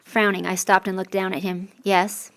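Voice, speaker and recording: A woman's voice: medium pitch, little pitch movement, a little fast, fairly bright tone, clean tone. A woman reading a first-person novel aloud as an audiobook narrator, with a dry, sardonic delivery.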